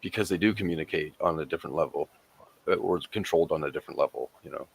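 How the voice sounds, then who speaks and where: A man in casual chat who talks haltingly, restarting his thoughts. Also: very deep voice, gravelly, breathy edge.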